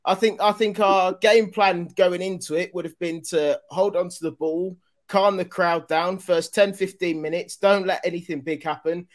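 High-voiced bloke, laid-back, casual guest on a podcast. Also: male voice, steady tone, moderate pace, hardly any pauses. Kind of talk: casual chat.

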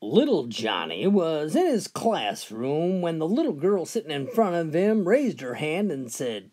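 Male joke teller, folksy and drawn out, very lively pitch. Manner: folksy, drawn-out delivery, pitch swinging widely between characters. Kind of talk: storytelling jokes with character voices.

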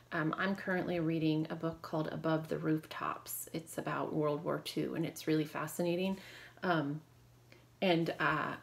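A woman teacher leading a phonics lesson, calling out brisk drill prompts and giving quick praise. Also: fairly low pitch.

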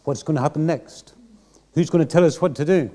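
A man's voice: on the high side, a little fast, warm tone. A man preaching a sermon in church, earnest and reflective. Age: 60s.

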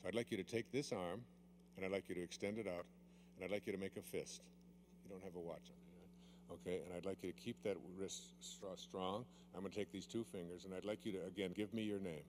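Background noise accompanies a low-pitched man speaking with fairly even intonation at a live seminar, where he leads a demonstration, playfully teases a volunteer, and draws out key words. The audience is present, and the volunteer holds the handheld mic.

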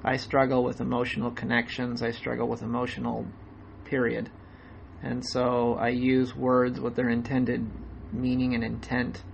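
A man talking in a flat, deadpan, plain-spoken way during a call, heard through dull, lo-fi call audio. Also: medium pitch, normal speed, gravelly, a little hiss or hum. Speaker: interviewer, former Mormon. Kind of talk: conversation over a call. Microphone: phone or video call.

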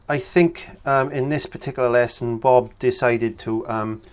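A man, talking through a painting tutorial in a relaxed, chatty way as he works. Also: mid-range voice, moderate pace, clear, resonant tone. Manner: relaxed, chatty, talks while working. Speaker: painting instructor.

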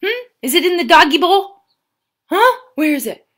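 High, lively children's entertainer woman. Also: moderate pace. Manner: sing-song, exaggerated, talking to small children. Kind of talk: live-stream story time for preschoolers.

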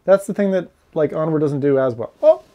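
This VR game streamer talks briskly and animatedly in a slightly high voice, chatting and rambling as he reads out messages from his viewers. The sound quality is lo-fi.

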